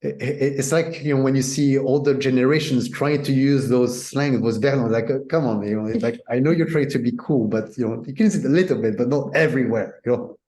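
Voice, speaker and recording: Man, guest teacher, casual chat, warm mellow tone, hedging. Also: mid-range voice, a little fast, few pauses. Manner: relaxed, hedging, frequent "you know".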